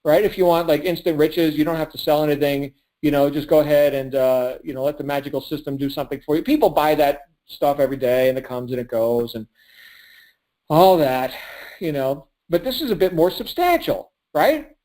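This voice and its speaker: A man's voice: fairly high pitch, brisk, dark tone. Fired-up man giving a sales pep talk. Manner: punchy, preachy, asks and answers his own questions, laughs often. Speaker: sales coach. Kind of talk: motivational call pep talk.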